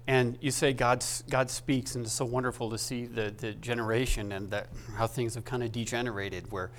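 Male pastor, sermon, halting emotional delivery, average pitch, faint hum and noise behind. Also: fairly even intonation, fairly bright tone. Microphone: microphone.

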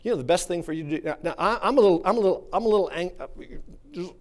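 A male pastor preaching a sermon, swinging from quiet musing to fervent shouting. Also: high-pitched, animated, racing.

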